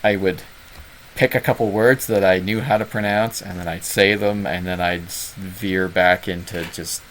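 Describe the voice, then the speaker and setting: This gaming club's online office hours host speaks with a Southern Ontario Canadian accent, chatting casually on a livestream in a rambling, self-deprecating way with plenty of fillers. His voice is low, steady, a bit bright, and at a normal speed. The recording is rough, carrying a slight hiss or hum.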